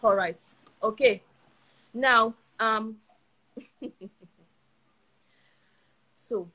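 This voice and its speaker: A woman preaching on a live stream from her phone, animated and repeating phrases for emphasis. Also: mid-range voice, breathy edge, low-quality recording. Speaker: Bible teacher.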